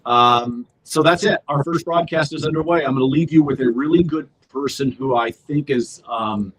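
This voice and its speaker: A man's voice: mid-range voice, normal speed, no room sound, rough recording. A man hosting a casual live broadcast in an easygoing, chatty way. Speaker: broadcast host.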